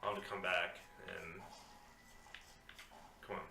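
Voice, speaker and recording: A man's voice: sits low, little pitch movement, a little slow, gravelly, noisy background. A man hosting and playing a game, swearing at enemies and trash-talking as he plays. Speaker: host and player. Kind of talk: casual let's play commentary. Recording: echoey room with loud game music.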